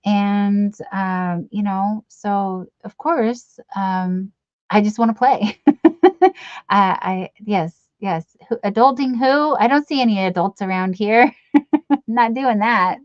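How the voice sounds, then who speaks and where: A woman's voice: medium pitch, slow pace, no room sound, highs cut off. A middle-aged woman hosting a late-night live stream, chatting and reading out comments in a rambling, giggly, affectionate way with lots of fillers. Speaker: livestream host.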